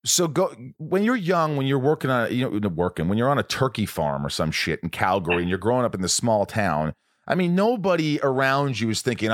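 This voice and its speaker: A man's voice: medium pitch, brisk. A man hosting a casual chat, telling stories animatedly and acting out quotes, with some swearing. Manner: animated storyteller, acts out quotes, profane.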